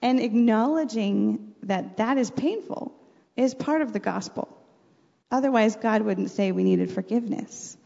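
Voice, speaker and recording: Middle-aged mom, fry-laden and mellow, earnest faith storyteller; dull, reverberant recording. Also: female voice, a little high, measured pace. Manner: earnest, faith-centered, animated when retelling. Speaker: mother and podcast guest. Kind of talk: reflective personal storytelling.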